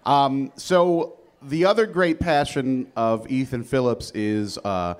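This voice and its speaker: A man's voice: medium pitch, slow. Rambling, playful male host. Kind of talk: live podcast chat.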